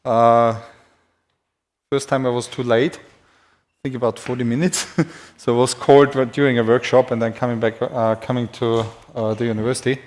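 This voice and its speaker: A man's voice: mid-range voice, little pitch movement, moderate pace, darkish tone. A man who speaks natively gives a live-streamed anatomy lecture in English, chatty and self-deprecating, writing on a board as he talks.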